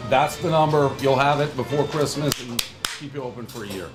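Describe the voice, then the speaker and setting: A man in a played clip, talking briskly and bluntly to a shop owner. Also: mid-range voice, rough recording. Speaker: visiting businessman giving money. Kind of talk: casual talk in a played clip. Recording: clip with loud music behind.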